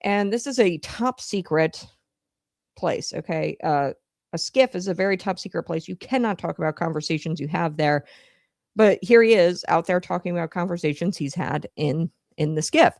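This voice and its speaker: Young woman, commentary host, short of breath, animated and riffing, dry sound. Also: fairly low pitch, normal speed, gravelly, no echo. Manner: animated, riffing, frequent fillers. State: out of breath, heavily pregnant. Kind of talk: political commentary.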